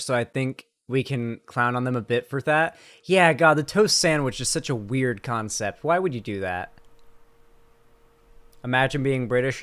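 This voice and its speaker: Young male streamer, mid pitch, profane sarcastic banter, home desk mic. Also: fairly bright tone. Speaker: live streamer. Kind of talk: late night stream commentary.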